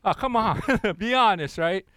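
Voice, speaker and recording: A middle-aged male pastor delivers an interactive sermon, coaxing his listeners to read along and checking in with them constantly. His voice sits a little high and rings smooth and resonant. The sound is close and dry, with no room echo. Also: expressive, a little slow, a bit bright. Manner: interactive, leads congregation in unison reading; frequent tag questions, earnest and encouraging.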